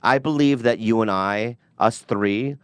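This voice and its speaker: A man with a very low voice tells a personal story on a podcast. He acts out the people in it with animated shifts. The sound is dry and close. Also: measured pace, clear, resonant tone, no room sound. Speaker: podcast guest. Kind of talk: casual storytelling.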